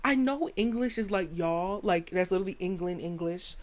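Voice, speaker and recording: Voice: medium pitch, moderate pace. An American podcast host giving a rambling, opinionated solo monologue full of slang. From United States.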